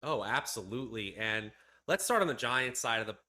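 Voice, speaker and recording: A man analysing fantasy football matchups in a measured, casual way, with fillers here and there. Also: mid-range voice, animated, sharp tone. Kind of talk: casual sports analysis chat.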